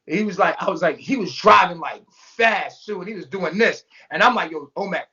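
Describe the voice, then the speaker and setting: A man's voice: high-pitched, normal speed. A man telling a story in casual, profane talk, acting out what others said in their voices. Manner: animated, profane, acts out quotes in voices. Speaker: interview guest. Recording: dull lo-fi sound.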